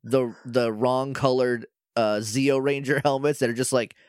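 A man co-hosting a casual podcast, recapping a show with quick, animated impressions of the characters. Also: mid-range voice, clear, resonant tone, no room sound, clean studio sound. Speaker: podcast co-host.

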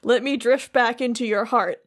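A woman voicing a menacing male villain of darkness, read in her own low-key way from notes. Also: fairly even intonation, normal speed, natural voice. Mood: taunting.

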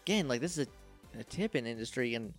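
A man's voice: medium pitch, fast, soft background music. A man joking around casually as a player in a tabletop role-play game. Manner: joking, animated.

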